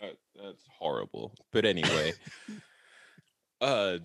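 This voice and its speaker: A man co-hosting a podcast, swinging his pitch widely as he tells a story. He laughs often and swears freely. The sound is close and dry. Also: sing-song, normal speed, fairly bright tone, no room sound. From Caribbean. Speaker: podcast co-host. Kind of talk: casual podcast banter.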